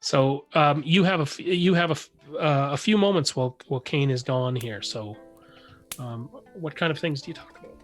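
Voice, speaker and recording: A man's voice: fairly high pitch, moderate pace, faint music behind. A man running a tabletop game as game master, describing scenes with many fillers and restarts.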